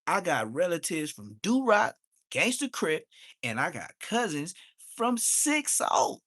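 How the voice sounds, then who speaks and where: A man, ranting on a livestream. He is heated and mocking, and his voice suddenly jumps high. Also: sing-song, takes it slowly, fairly bright tone, no room sound, clean studio sound. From Inglewood, Los Angeles. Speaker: livestream host. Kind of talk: profane livestream rant.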